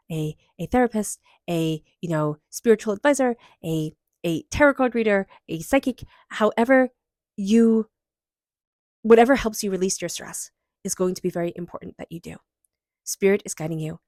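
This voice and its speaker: A woman gives an intuitive tarot reading, speaking emotionally and earnestly as she encourages the listener. Her voice sits a little low. The recording is close and dry, with no room echo. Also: darkish tone. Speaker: tarot reader.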